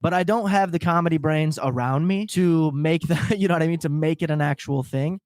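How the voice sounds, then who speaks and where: A male podcast co-host and stand-up comic in casual comedic chat, cheerful and animated, laughing often and swearing freely. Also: on the high side, brisk, dry recording.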